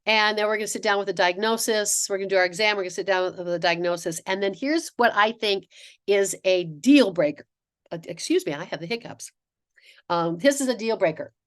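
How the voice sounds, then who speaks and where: A middle-aged woman giving a webinar presentation to dentists. She tells stories in an animated way, acting out quotes and often restarting her sentences. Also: mid-range voice, a little fast. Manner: animated storytelling with acted-out quotes, frequent restarts. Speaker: dental practice consultant.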